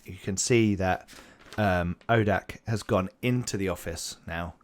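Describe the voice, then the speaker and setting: Low-voiced rambling game master man. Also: unhurried. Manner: rambling, many fillers. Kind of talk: narrating a tabletop game.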